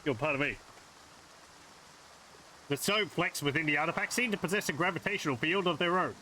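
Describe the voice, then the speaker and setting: A man's voice: on the high side, fairly quick, sharp tone, slight background noise, low-quality recording. A man casually commenting as he plays a video game, musing aloud in a wry, self-amused way. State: has the hiccups. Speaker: let's play gamer.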